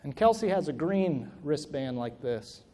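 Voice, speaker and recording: A man's voice: fairly high pitch, big pitch swings, a little slow, mellow. A man giving a motivational keynote to an audience in a large hall, telling a personal story and then building to emphatic exhortation. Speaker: motivational speaker. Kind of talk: keynote speech. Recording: reverberant hall.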